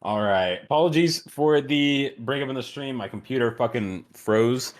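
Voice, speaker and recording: A man's voice: mid-range voice, normal speed. Casual young male dungeon master. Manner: loose, filler-heavy, swearing. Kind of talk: casual game narration.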